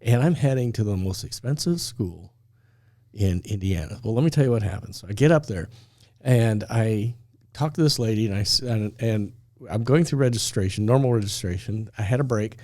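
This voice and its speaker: Male storyteller, talk-show regular; lively, acts out every line, warm mellow tone, dry studio. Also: fairly low pitch, moderate pace, no room sound. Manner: animated storyteller, acts out dialogue, laughs often.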